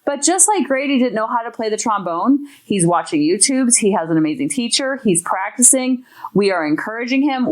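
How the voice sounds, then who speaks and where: Enthusiastic woman hosting a parenting show. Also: medium pitch. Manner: enthusiastic, emphatic. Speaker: parenting podcast host. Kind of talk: podcast talk.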